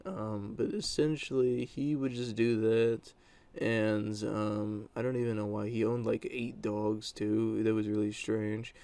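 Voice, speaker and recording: A man's voice: on the low side, little pitch movement, a little slow, warm tone. A young adult man telling a story from his school days in a casual, blunt monologue, with many fillers and crude words.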